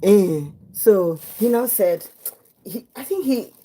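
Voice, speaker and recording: A woman with a Nigerian accent, chatting as a livestream host in her home kitchen, telling a story with lively acted-out quotes. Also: mid-range voice, slow, rough recording. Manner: lively, acts out quotes, mixes in pidgin.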